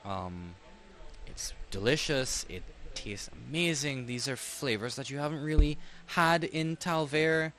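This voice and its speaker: A man narrating as game master in a tabletop game, relaxed and wry. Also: mid-range voice, unhurried, slight background noise. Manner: relaxed, wry, trails off and restarts.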